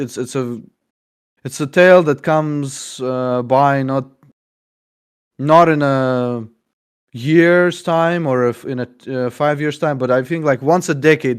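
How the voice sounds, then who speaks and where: Smooth-voiced man chatting about a book. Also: mid-range voice, unhurried. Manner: rambling, playful. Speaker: book podcast co-host and game master. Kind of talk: casual book discussion.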